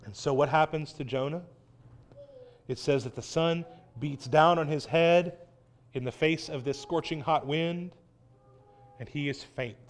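A man preaching a sermon in an animated, wry way, acting out voices as he quotes. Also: on the high side, measured pace, long pauses.

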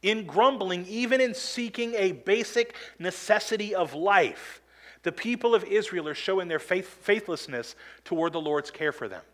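Pastor guy giving a sermon, kinda high voice, emphatic, acts out quotes. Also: expressive, normal speed, fairly bright tone.

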